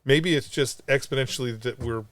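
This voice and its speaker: A man's voice: mid-range voice, normal speed, slight background noise. A man telling a story on a casual podcast, rambling and swearing freely as he goes. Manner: rambling, profane, animated storyteller. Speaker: podcast co-host.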